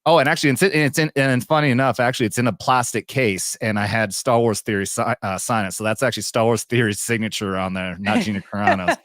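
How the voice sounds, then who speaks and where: A man's voice: medium pitch, fairly even intonation, fast, hardly any pauses, a bit bright, no room sound, studio quality. A man hosting his own online show, telling stories in a rambling, profane and easygoing way, laughing often. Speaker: YouTube show host. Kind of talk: casual chat.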